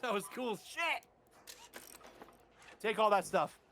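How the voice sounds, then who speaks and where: A man playing a game on a livestream, excitable and swearing in casual chat. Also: high voice, takes it slowly, a little hiss or hum. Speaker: co-player on a livestream.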